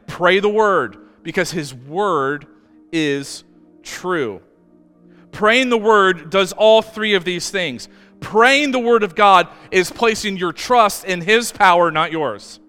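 Male pastor, bright and smooth, conversational sermon with emphatic readings; long church-hall reverb. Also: sits high. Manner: conversational and halting, with many restarts, building to emphatic scripture reading. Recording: long reverb with faint music.

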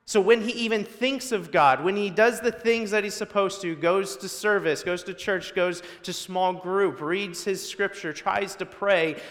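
A man's voice: high voice, measured pace, hardly any pauses, a bit bright, long reverb tail. A male guest preacher delivering a sermon in a church, building emphasis through repetition. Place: church sanctuary.

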